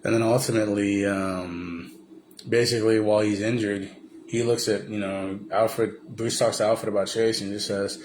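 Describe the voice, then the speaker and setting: A man with a lowish voice recapping a movie in a loose, casual way. He rambles, restarts sentences and leans on filler words, with a faint hiss of noise behind him. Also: steady tone, moderate pace, darkish tone. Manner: rambling, many fillers and restarts, slips into impressions. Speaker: vlogger.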